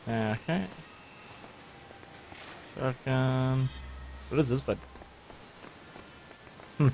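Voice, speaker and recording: A man's voice: medium pitch, very slow, long pauses, a little hiss or hum. A man playing a co-op shooter with friends, chatting casually, humming and laughing. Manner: playful, hums and laughs, excitable squeals. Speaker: gamer playing co-op. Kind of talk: casual gameplay chat.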